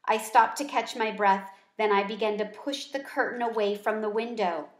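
Woman reading a kids book aloud, gentle and expressive, bit of room echo. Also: mid-range voice, normal speed. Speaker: read-aloud storyteller. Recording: echoey room.

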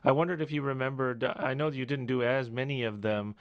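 Man asking polite, halting interview questions. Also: medium pitch, fairly even intonation, no echo. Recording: dull, dry lo-fi recording.

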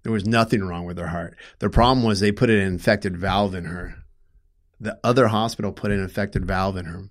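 A middle-aged man telling a painful personal story in an interview, halting and emotional, often restarting his sentences and growing loud when upset. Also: low-pitched, fairly even intonation.

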